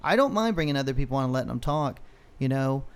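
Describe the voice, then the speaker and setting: A man's voice: mid-range voice, fast talker, clear, resonant tone. A man co-hosting a podcast, ranting in casual chat, heavy on profanity and rambling stories. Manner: profane, ranting, animated storyteller. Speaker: podcast co-host.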